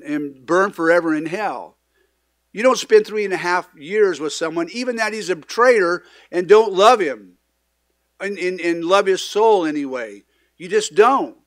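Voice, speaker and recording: Preaching informally in a church sanctuary, an earnest pastor with a high-pitched voice often restarts sentences and wanders into asides. He acts out quotations with abrupt bursts of loudness, and the recording is dry with clean studio sound.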